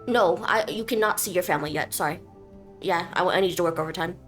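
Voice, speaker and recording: A woman's voice: on the low side, fast, faint music behind, voice pushed down, lightly acted. A woman voicing a bossy rich woman ordering her butler around, haughty and demanding.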